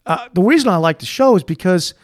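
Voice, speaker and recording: A man co-hosting a podcast, casually retelling a TV scene and quoting the characters in a lowered, hushed voice. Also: fast talker. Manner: animated storyteller who quotes characters in a lowered, hushed voice. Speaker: podcast co-host.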